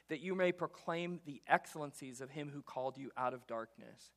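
A man delivers a relaxed, conversational sermon as pastor, now and then putting on quick voices for biblical characters. His voice sits a little high for a man. The sound rings out with the long reverb of a large church sanctuary.

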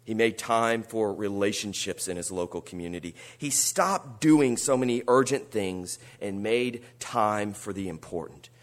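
A man preaching a sermon, earnest, moving between quiet reflection and rising, emphatic appeals. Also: fairly low pitch, unhurried, hardly any pauses. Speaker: pastor.

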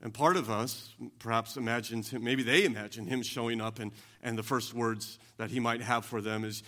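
A man preaching an earnest sermon, often restarting phrases and moving between quiet and emphatic passages. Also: medium pitch, steady tone, brisk, hardly any pauses. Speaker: pastor.

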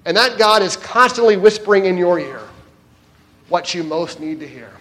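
A man delivers a heartfelt sermon in a fairly high voice. He rises to loud, emphatic declarations, then sinks into hushed, gentle passages. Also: expressive, normal speed. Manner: swings between loud emphatic lines and hushed soft ones. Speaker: preacher.

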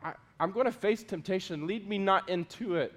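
A man preaching a sermon as pastor, earnest, moving between loud pleading prayers and quiet asides. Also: sits high, moderate pace. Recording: long hall reverb.

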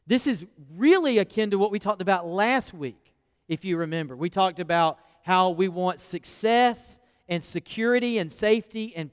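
Folksy preacher in a reverberant church. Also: male voice, high voice, clean tone. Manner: folksy, asks the congregation questions. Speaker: pastor. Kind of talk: conversational sermon. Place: church sanctuary. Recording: long church hall reverb.

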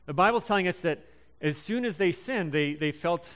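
Young man, sermon, halting with fillers, smooth resonant voice. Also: on the high side, lively intonation, a bit bright. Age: young adult. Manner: casual, halting delivery with many ums and restarts. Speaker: preacher.

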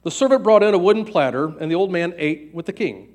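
A man's voice: high voice, animated, fast talker, darkish tone. Man reading a fairy tale aloud. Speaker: storyteller. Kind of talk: storybook read-aloud narration.

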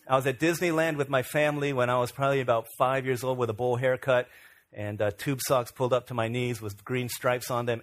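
A middle-aged man from Virginia, a pastor telling stories in a relaxed, self-deprecating way during a sermon. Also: mid-range voice. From Virginia, USA. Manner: conversational, self-deprecating storyteller. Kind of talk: storytelling sermon.

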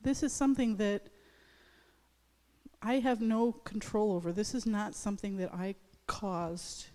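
A woman's voice: medium pitch, fairly even intonation, dark tone. Hesitant woman pastor in echoing church. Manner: hesitant, halting, many restarts and fillers. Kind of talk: personal testimony in a church service. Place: church sanctuary.

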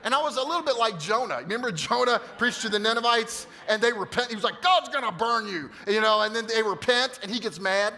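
A male pastor telling a funny story in a sermon, animated and jokey, acting out the quotes. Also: high-pitched, quick pace, few pauses. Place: church auditorium.

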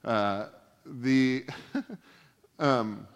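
A man's voice: mid-range voice, extremely slow. A male pastor giving a casual sermon, full of joking, self-deprecating asides. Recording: long hall reverb.

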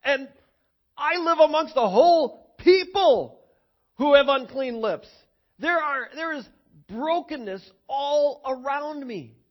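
A man voicing Isaiah, a distressed male prophet: high-pitched and emphatic, recorded lo-fi. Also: measured pace. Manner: anguished and emphatic. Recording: dull lo-fi recording.

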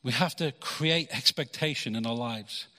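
A man's voice: medium pitch, normal speed, pushed and bright. A pastor preaching a conversational sermon, acting out quoted lines and repeating words as he goes. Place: church hall. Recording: long hall reverb.

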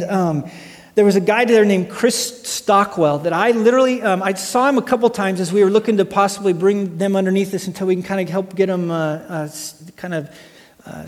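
A man in his late thirties preaching a sermon, telling stories with animation and swinging between loud and hushed delivery. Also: sits high. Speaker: pastor. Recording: long hall reverb.

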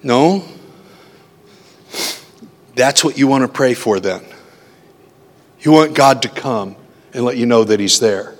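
A man's voice: medium pitch, slow pace, long pauses. A man preaching a sermon in a conversational way, often asking his listeners questions. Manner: conversational, asks the audience questions. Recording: long hall reverb.

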